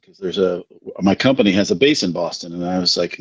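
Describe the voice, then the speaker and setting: Podcast guest, middle-aged man from New Jersey, rambling yarn-spinner, somewhat low voice, dry close audio. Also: fairly quick, breathy edge, no echo, dull audio. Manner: rambling, animated anecdotes with self-deprecating laughs. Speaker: podcast guest, recovery speaker. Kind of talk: casual storytelling.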